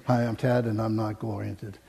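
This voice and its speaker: American man, sermon, humorous anecdotes, mellow voice, long hall reverb. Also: fairly low pitch, vocal fry. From United States. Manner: humorous, anecdotal, laughs often. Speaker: preacher. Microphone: stage microphone.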